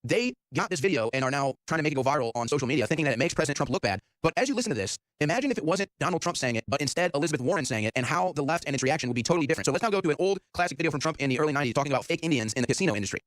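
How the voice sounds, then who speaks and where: A male host fires off sarcastic, excited commentary and acts out quotes. His voice sits somewhat high. The studio sound is very dry. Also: racing, few pauses, no room sound. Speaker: show host. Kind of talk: talk-show commentary.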